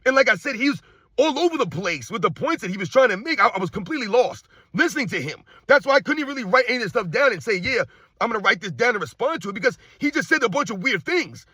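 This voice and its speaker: A man hosting a sports commentary show, ranting in a heated, repetitive way and firing off exasperated rhetorical questions in a husky voice. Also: extremely high pitch, sing-song, fast talker, bright, forceful tone, no echo.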